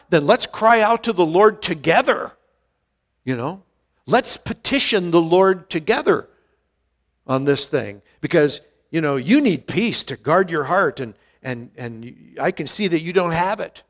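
A male pastor leads a verse-by-verse Bible study earnestly, often restarting words and stressing key phrases. His voice is high-pitched and a bit bright, with a big-room sound.

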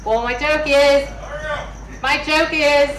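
A woman running an open mic night at a comedy club, speaking calmly and a little scolding to a rowdy group. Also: high voice, takes it slowly. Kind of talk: stage talk at an open mic. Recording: echoey room with a noisy crowd.

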